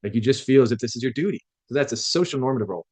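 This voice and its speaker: A man lecturing a class on leadership, talking quickly in a loose, conversational way. He stumbles into restarts and acts out little quoted exchanges to make his points. His voice sits at an ordinary pitch for a man. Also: lively intonation, a little mellow, breathy edge.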